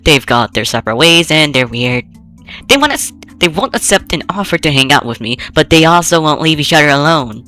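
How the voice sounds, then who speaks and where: A woman's voice: low voice, expressive, fairly quick, pushed and bright, faint music behind. A woman voicing a bubbly pleading schoolgirl. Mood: eager. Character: upbeat teenage girl, eager matchmaker friend.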